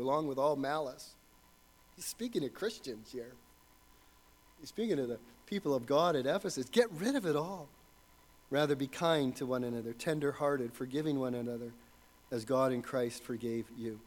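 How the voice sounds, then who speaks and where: A man's voice: mid-range voice, darkish tone. A man preaching a sermon as pastor, earnest and building to fervent emphasis.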